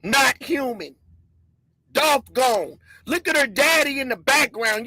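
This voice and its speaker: Loud excitable woman ranting. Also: high-pitched, takes it slowly, husky, no echo, rough recording. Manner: emphatic, preachy. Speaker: commentary streamer. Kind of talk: conspiracy commentary monologue.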